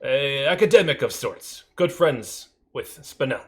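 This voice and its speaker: A man's voice: mid-range voice, lively intonation, unhurried, faint music behind, close to an everyday voice. A man voicing a courteous orc scholar. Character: polite male orc scholar, courteous and mild.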